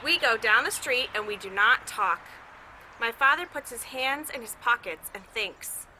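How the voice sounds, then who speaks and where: A woman's voice: a little high, sharp tone, slight background noise, poor audio. A woman teacher reading a picture book aloud to children outdoors, cheerfully imitating the sounds in the story. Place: outdoors with her dog.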